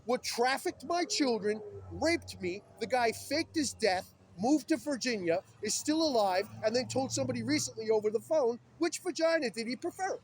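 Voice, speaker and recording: Agitated high-voiced man by traffic. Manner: agitated, urgent, rambling. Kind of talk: filming himself while talking on the street. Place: outdoors beside a busy road with traffic. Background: passing vehicles.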